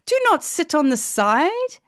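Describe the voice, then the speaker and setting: A woman voicing a kindly, nurturing ancient goddess who speaks gently and solemnly. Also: sits high, sing-song, unhurried, voice pushed up, full character voice. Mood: firm.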